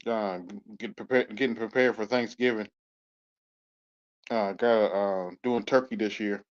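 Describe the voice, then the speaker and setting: A man hosting a casual online talk show, speaking in a laid-back, halting way with many fillers. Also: lowish voice, steady tone, clean tone. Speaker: podcast host. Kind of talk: casual chat. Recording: dull lo-fi stream audio.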